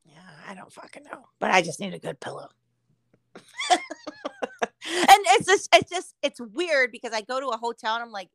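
A woman's voice: on the high side, very animated, moderate pace, creaky, pauses often, a bit bright, no room sound. A middle-aged woman co-hosting a podcast, chatting casually, swearing constantly and laughing as she acts out quotes. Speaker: podcast co-host. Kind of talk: casual chat.

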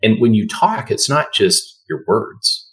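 A man, a dentist, talking calmly and soothingly as a guest in a casual podcast conversation. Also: lowish voice. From Canada. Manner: calm, soothing, unhurried.

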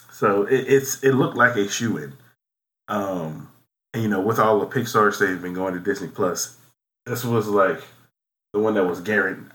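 A man co-hosting a casual movie podcast, talking things through in a halting, musing way. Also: deep voice, bright, forceful tone. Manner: halting, many fillers and restarts, musing. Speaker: podcast co-host.

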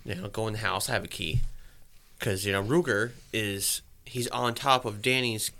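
A man's voice: on the low side, moderate pace, vocal fry, sharp tone. A man casually telling a long story, rambling and swearing, and acting out his own thoughts.

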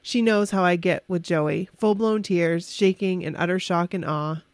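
A woman casually telling an excited, emotional story on a podcast, with restarts and quick bursts. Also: fairly low pitch, dry recording.

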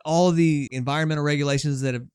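Animated man in his forties, dry close mic. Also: fairly high pitch, fast talker, clean tone, dry recording. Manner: animated, opinionated, frequent restarts. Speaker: podcast co-host. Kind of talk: casual podcast chat.

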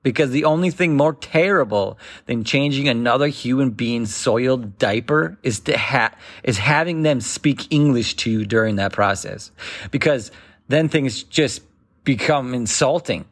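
Slow-talking man doing stand-up. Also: medium pitch. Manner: rambling storytelling, acting out other voices. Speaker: stand-up comedian. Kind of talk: stand-up routine.

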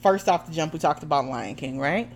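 A young adult woman co-hosting a podcast, chatting casually in a relaxed, wry way. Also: deep voice, brisk, a little hiss or hum. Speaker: podcast co-host. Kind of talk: casual chat.

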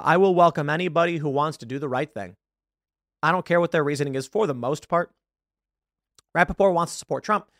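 A male host delivers a political commentary monologue, emphatic and argumentative, often correcting himself mid-thought. His voice is higher-pitched, fairly bright, and swings widely in pitch, recorded close and dry with no room sound.

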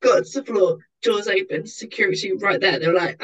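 A woman's voice: medium pitch, a little fast, husky, recorded from a distance, dull audio. Swearing storytelling woman podcaster. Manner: storytelling, swearing, animated quoted voices. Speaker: podcast co-host. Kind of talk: casual chat.

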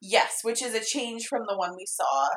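A woman's voice: medium pitch, normal speed. A woman co-hosting a casual movie recap, laughing often and acting out scenes as she retells them. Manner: laughs often, animated retelling with quoted voices. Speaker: podcast co-host. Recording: roomy echo.

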